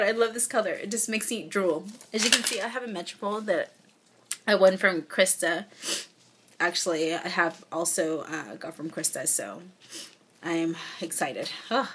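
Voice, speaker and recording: A woman's voice: on the low side, animated, moderate pace, fairly bright tone, slight background noise. A young woman vlogging as she unboxes a gift package, gushing and effusive, often close to tears. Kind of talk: casual unboxing vlog. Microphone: phone or camera mic.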